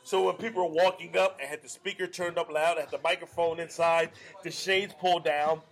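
A man hosting a casual bar podcast, telling a profane, animated story. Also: fairly high pitch, brisk. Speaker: podcast host.

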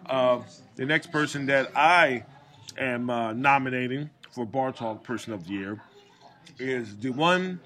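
A man's voice: mid-range voice, a little slow, pushed and bright. A tipsy man co-hosting a casual bar-talk show, speaking hesitantly with lots of fillers and slight slurring. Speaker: podcast co-host.

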